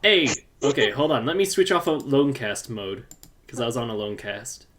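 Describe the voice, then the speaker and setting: A man's voice: medium pitch, animated, moderate pace, fairly bright tone, a little hiss or hum. A man hosting a casual live podcast from his room at home, talking loosely and greeting viewers in the chat. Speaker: podcast host.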